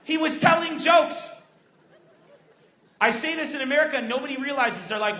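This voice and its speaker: Casting: a high, bright-voiced Lebanese comic, brash and animated, performing on an echoing outdoor stage. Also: male voice, normal speed, long pauses. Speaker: stand-up comedian. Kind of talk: stand-up comedy set. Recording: echoey open-air stage with crowd.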